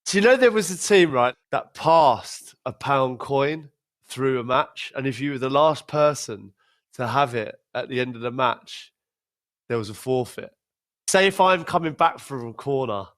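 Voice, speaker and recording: A man's voice: medium pitch, a bit bright. A man casually telling a funny story on a podcast, laughing often and repeating words as he goes. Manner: laughs through his stories, repeats words, acts out quotes. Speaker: podcast host, former footballer.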